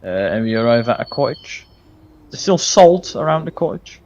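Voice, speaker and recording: A man's voice: medium pitch, sing-song, normal speed, darkish tone, highs cut off. A man playing in a tabletop role-playing game, speaking hesitantly with many fillers. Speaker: player. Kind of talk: in-character tabletop play.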